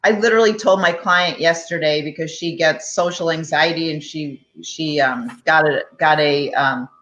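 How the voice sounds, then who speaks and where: Lady host on a video call, kinda low voice, echoey room, chatty replies. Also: moderate pace, a bit bright, highs cut off, slight background noise. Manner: responsive, relays viewer comments. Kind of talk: interview chat. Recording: roomy echo.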